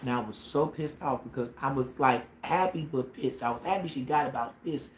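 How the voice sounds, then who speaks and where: A man telling a personal story on a casual livestream, dramatic and animated, with slang and sound effects. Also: medium pitch, fairly quick, a little hiss or hum. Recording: roomy echo with faint ambience.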